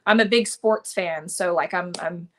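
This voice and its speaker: A woman's voice: fairly low pitch, measured pace. A woman, a country singer, talking casually in a live interview over a video call, with lots of fillers and restarts. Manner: chatty, many fillers and restarts. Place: home in Nashville, live stream.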